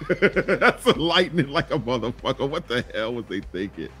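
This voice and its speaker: Animated, swearing man co-hosting a podcast. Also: mid-range voice, measured pace, slightly rough, soft background music. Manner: animated, profane, exclaiming. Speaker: podcast co-host. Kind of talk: casual movie podcast chat.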